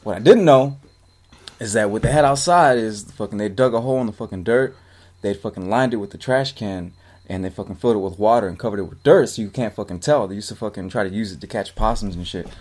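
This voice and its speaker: A man's voice: on the low side, fast talker, a little mellow. A man in his twenties telling a long childhood story in casual, rambling style, swearing almost every line. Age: 20s. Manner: profane, rambling, swears constantly. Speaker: podcast co-host telling a story.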